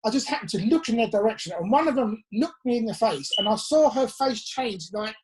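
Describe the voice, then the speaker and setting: A man's voice: high-pitched, lively intonation, fairly quick, husky, poor audio. A British man in his sixties telling a rambling, self-deprecating story as an interview guest over a video call. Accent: British English. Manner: chatty, rambling, self-deprecating, acts out his own thoughts. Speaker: interview guest, former band drummer. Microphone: phone on a video call.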